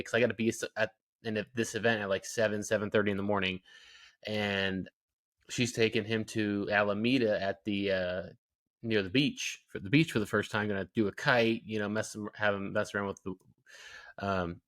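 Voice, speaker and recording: A man's voice: fairly low pitch, normal speed. Chatty young man telling dad stories. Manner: animated storytelling, lots of fillers. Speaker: podcast co-host. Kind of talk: casual chat.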